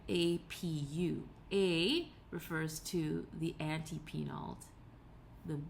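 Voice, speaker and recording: A woman's voice: sits low, fairly even intonation, takes it slowly, creaky, slight background noise. A woman giving a recorded tutorial lecture, explaining patiently step by step with occasional fillers and self-corrections. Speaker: teacher.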